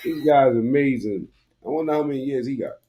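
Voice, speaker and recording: A man's voice: mid-range voice, a little fast, warm tone. A man giving crude, mocking commentary while reacting to a video. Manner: mocking, crude, laughs at what he watches.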